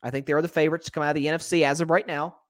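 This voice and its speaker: Male sports podcast host, slightly high voice, dry close sound, candid opinionated solo talk with quick self-corrections. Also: level tone, no echo. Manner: opinionated and candid, talks straight to listeners as folks.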